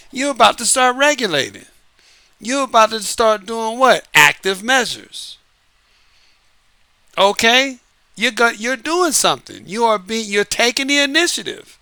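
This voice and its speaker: Bright, high-voiced man hosting his show. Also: unhurried, creaky, smooth, no room sound. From United States. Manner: lively, repetitive, laughs often. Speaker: podcast host and author. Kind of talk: casual late-night monologue. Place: Southern California.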